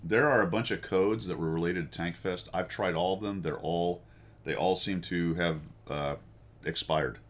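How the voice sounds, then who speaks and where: Low-voiced rambling American man. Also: moderate pace. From United States. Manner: rambling, self-deprecating, laughs often. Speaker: host. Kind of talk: casual chat with viewers.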